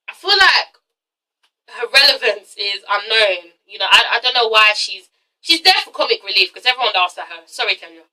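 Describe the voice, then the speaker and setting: A woman's voice: fairly high pitch, fairly quick, bright, forceful tone, recorded from a distance, rough recording. A woman reviewing a TV episode in a casual, gossipy rant, frank and swearing freely. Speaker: TV show reviewer.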